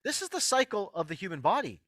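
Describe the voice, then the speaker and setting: Bright, animated man lecturing emphatically. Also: high-pitched, fast, dry recording. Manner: emphatic, repeats key phrases, addresses listeners directly. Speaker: host of an online healing workshop. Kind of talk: motivational health lecture.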